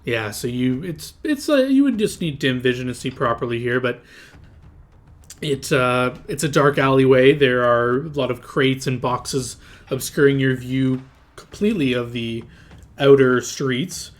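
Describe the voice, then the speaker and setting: A man running a tabletop game as game master, talking in a mid-pitched voice and rambling through long scene descriptions, thick with "like" and restarts, questioning the players about what they do. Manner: rambling, descriptive, full of filler words.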